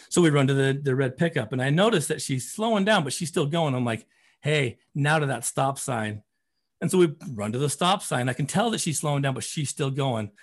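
Animated storytelling man, slightly high voice. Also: husky. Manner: animated, acts out quotes, many fillers like "you know" and "man". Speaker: therapist and running coach. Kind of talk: casual storytelling in conversation.

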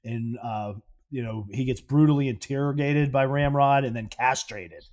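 A man's voice: mid-range voice, normal speed, darkish tone. A man co-hosting a podcast, casually recapping a film's plot with plenty of fillers. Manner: laid-back, recaps plots with fillers. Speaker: podcast co-host. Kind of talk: casual film discussion.

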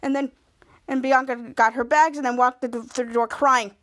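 A woman's voice: high-pitched, fairly even intonation, moderate pace, a bit bright. A woman podcast host casually recapping a TV episode, retelling each scene and raising her voice for the quoted lines.

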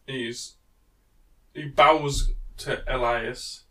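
A loose, laughing man who swears in casual banter about a book. His pitch sits mid-range. He is heard from a little back from the microphone. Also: fairly even intonation, extremely slow, sharp tone, far from the mic. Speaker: podcast co-host. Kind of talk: casual book-discussion chat.

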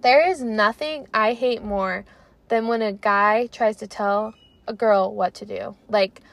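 A woman in her twenties hosts a podcast, chatting in a casual, lively way, full of "like" and half-finished thoughts. Her mid-range voice runs a little slow and carries vocal fry.

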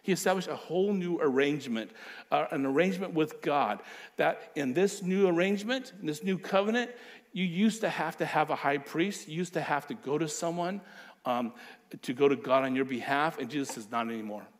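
A man's voice: on the high side, fairly quick. A male pastor preaching a sermon, emphatic, with repeated phrases and acted-out quotes.

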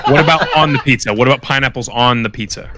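A man co-hosting a casual chat, reading viewer questions with excitable energy. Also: mid-range voice, quick pace, heavy background noise. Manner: excitable, reads questions from comments.

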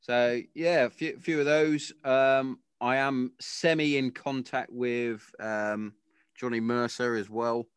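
A man's voice: mid-range voice, fairly even intonation, takes it slowly, clear, resonant tone, dry recording. A man in his thirties hosting a podcast, telling blunt, sweary, jokey stories in casual chat. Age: 30s. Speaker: podcast host. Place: home garden shed.

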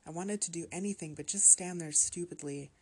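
A woman narrating a horror story in a steady, measured reading voice. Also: fairly low pitch, breathy edge.

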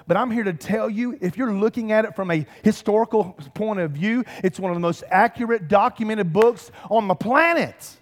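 A man preaching a sermon as pastor, swelling with emphasis and calling out to the congregation. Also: high-pitched. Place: large church sanctuary. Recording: long reverb of a big hall.

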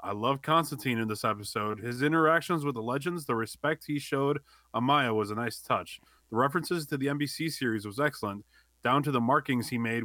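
A man's voice: medium pitch, fairly bright tone, no echo. A man co-hosting a podcast, reading a listener's email aloud with side comments. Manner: reads steadily, adding side comments. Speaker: podcast co-host.

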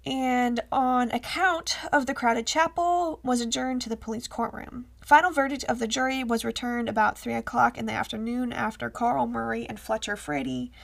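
A woman's voice: a little high, fairly even intonation, normal speed, creaky, hardly any pauses. A woman co-hosting a podcast, reading old news reports aloud in a chatty way and joking between passages. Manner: chatty, laughs and jokes while reading. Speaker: podcast co-host.

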